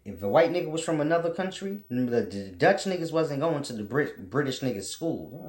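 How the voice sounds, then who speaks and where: A man's voice: mid-range voice, sing-song, a little fast, few pauses, darkish tone, reverberant. A man hosting his own channel, delivering a casual, preachy monologue full of blunt, profane rants. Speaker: channel host teaching spiritual ideas.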